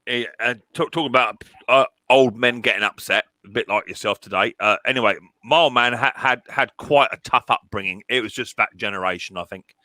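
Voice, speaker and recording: A man's voice: medium pitch, a little fast, bright, forceful tone, dry recording. A middle-aged man in a casual chat, often restarting his words and teasing. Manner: stammering restarts, joking, teasing. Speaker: mower repairer.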